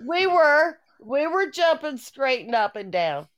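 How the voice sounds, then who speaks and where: Slow-talking sassy woman caller, a bit high, cusses freely. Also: big pitch swings, a loud crowd. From Omaha. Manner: sassy, swearing, playful. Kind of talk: casual call-in banter.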